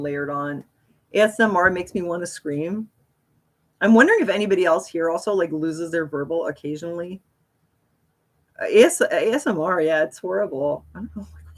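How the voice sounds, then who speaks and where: A woman hosting a casual livestream, chatting in a rambling way with frequent laughs. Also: on the low side. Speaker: livestream host.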